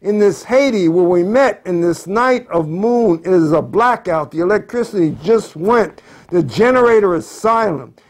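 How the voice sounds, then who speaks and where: A man reading his own poetry aloud at home in a measured recitation, repeating phrases as he goes. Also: high voice, lively intonation. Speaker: poet.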